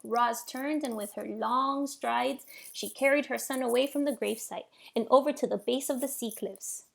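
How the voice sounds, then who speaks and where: A woman reading a children's novel aloud in an expressive storytelling voice. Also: a little high, normal speed, vocal fry. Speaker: reader.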